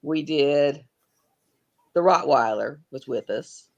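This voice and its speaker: Gravelly, lively woman chatting. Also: deep voice, slow pace, lo-fi sound. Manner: rambling storyteller, folksy. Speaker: livestream host. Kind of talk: casual chat.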